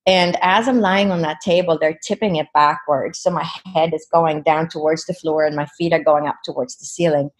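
A woman's voice: deep voice, fairly even intonation, a little fast, hardly any pauses. A woman guest in an interview, earnestly retelling a personal experience with many "you know"s. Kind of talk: personal storytelling.

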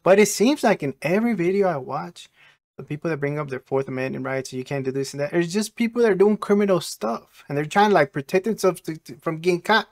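A man's voice: a little high, expressive, fast. A man hosting a reaction video, chatting casually and asking incredulous rhetorical questions.

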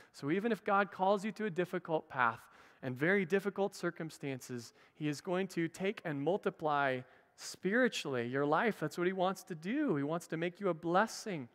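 Man, pastor, sermon, conversational with joking asides, high voice, bright tone, church livestream with long reverb. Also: lively intonation, moderate pace. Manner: conversational teaching with playful asides. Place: church hall.

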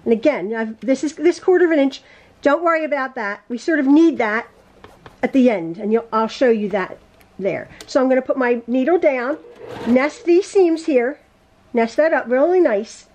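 A woman's voice: high voice, expressive, normal speed, a little mellow. A woman giving a chatty home sewing tutorial, rambling and correcting herself as she works at the machine. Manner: rambling, self-correcting, talks while sewing. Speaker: quilting teacher.

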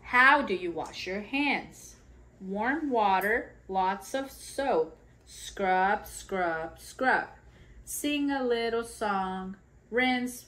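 A woman reading a picture book to toddlers in a slow, sing-song way, acting out sneezes and sounds. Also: medium pitch, a bit bright. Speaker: children's educator reading aloud.

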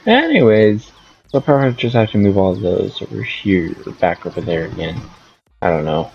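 A man's voice: on the low side, very animated, normal speed, gravelly, darkish tone, lo-fi sound, a little hiss or hum. A man giving casual gameplay commentary as a streamer, rambling and thinking aloud. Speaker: gaming streamer.

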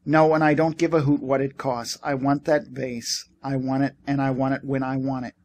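A man's voice: medium pitch, flat delivery, moderate pace, lightly acted. Man doing a frazzled ex-soldier, exasperated and pushy, regular mid voice. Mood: insistent. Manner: shouting, exasperated. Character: desperate, irritable young male ex-soldier.

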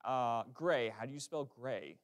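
A man preaching a lively, conversational sermon in a church, with quick asides and self-corrections. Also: medium pitch. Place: church sanctuary.

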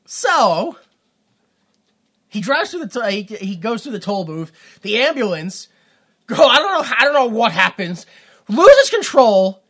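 A man's voice: high voice, very animated, unhurried, pauses often, fairly bright tone. A man co-hosting a podcast, recapping a movie in a rambling, jokey way and breaking into silly voices. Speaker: podcast co-host.

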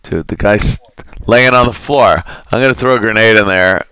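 A man's voice: on the low side, normal speed, bright, forceful tone, clean tone, dry recording. A man streaming a video game, grumbling and cursing in a casual rant with muttered asides. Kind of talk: casual rant while gaming.

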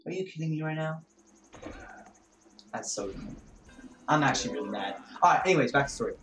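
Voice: medium pitch, animated, brisk, noisy background. A gaming streamer telling a store story in casual, rambling talk full of fillers. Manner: rambling, many fillers and "man". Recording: roomy echo with game music behind.

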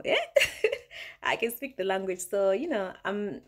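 This young woman from Uganda speaks with a British South London accent in a lowish voice at a measured pace. She's a vlogger chatting playfully in a casual video and laughs often.

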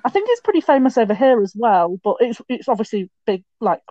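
A young woman telling stories in a casual podcast chat, with quick asides and restarts. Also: on the high side, sing-song, mellow, no room sound, dull audio. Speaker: podcast guest.

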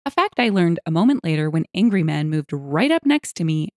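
A woman narrating internet stories aloud, with lively, expressive storytelling. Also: low voice, a little fast, dry recording, studio quality.

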